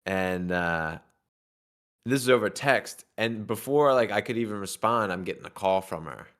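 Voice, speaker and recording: A man telling a long personal story as a talk-show guest. His voice sits on the low side, and he stumbles along with plenty of fillers and false starts. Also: animated, fairly bright tone. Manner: halting, full of fillers and restarts. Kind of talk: casual storytelling.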